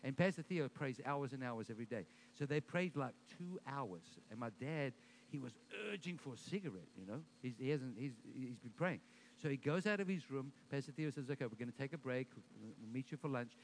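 A man preaching a sermon at a church service, telling a story and then leading the congregation in loud, rising declarations, often repeating his first words. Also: medium pitch, animated, a little fast, slight background noise. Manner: repeats words when starting sentences, builds to loud declarations. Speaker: pastor.

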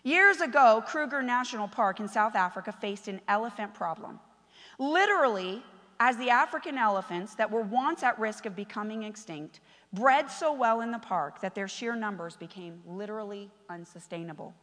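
Bright-voiced woman preaching in an echoey hall. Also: on the high side, lively intonation, moderate pace. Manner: impassioned, shifting between loud exhortation and quiet storytelling. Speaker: pastor. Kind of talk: sermon.

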